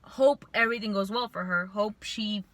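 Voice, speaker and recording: A young woman vlogger telling a storytime to camera, venting in an animated, frustrated way. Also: mid-range voice, moderate pace, dry recording.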